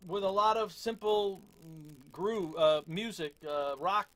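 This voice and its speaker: A man giving a casual drum lesson, relaxed and self-deprecating, with lots of fillers. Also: high-pitched, unhurried. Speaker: drum teacher. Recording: loud drums between talk.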